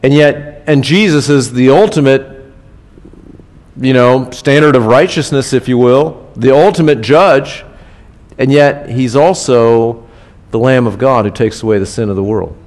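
A man's voice: mid-range voice, a little slow, darkish tone. A man preaching a sermon in a casual, conversational way, repeating key phrases for emphasis. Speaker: pastor. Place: church.

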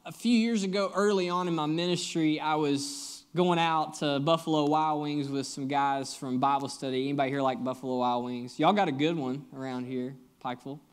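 A young man preaching a sermon, his voice sitting a little higher than most men's. He talks to the congregation like friends, joking and telling stories as he teaches. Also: steady tone, fairly quick, few pauses, clean tone. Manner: storytelling, joking, conversational preaching. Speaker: guest pastor.

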